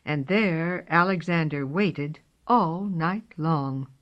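A woman reading a storybook aloud in a slow, expressive way. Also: low voice. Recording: dull lo-fi recording.

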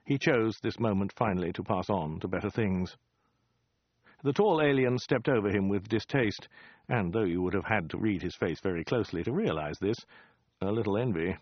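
Low-voiced man narrating wryly. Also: animated, normal speed, no echo, muffled recording. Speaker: audiobook narrator. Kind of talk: scripted comic narration.

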